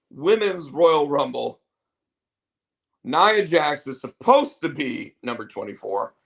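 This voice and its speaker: A man's voice: a little high, fairly bright tone. A man hosting a show, chatting casually in a rambling, opinionated way. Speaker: show host. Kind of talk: casual wrestling chat.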